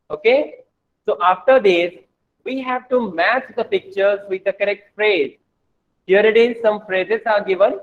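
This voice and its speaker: A male teacher with an Indian accent giving an online English lesson to children, speaking slowly and repeating words for the class. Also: high-pitched. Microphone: video call. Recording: tinny phone-like online call audio.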